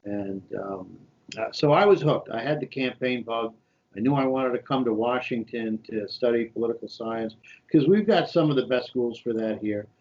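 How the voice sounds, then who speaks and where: A man in his fifties from New York, telling animated stories in an interview and acting out the quotes. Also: mid-range voice, moderate pace, muffled recording. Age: 50s. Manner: animated anecdotal storytelling with voiced quotes. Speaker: guest, shadow senator. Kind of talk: storytelling interview.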